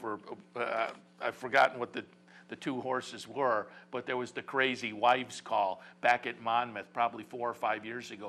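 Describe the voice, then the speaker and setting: A man hosts a horse racing radio talk show in a loose, casual way, full of fillers and restarts. His voice sounds bright and forceful. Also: medium pitch. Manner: rambling, many fillers and restarts.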